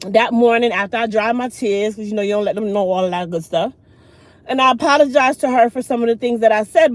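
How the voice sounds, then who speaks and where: On a dry recording, a middle-aged woman with a fairly high voice tells her viewers a long, casual story as the host of her channel. She's lively and acts out the other characters in it.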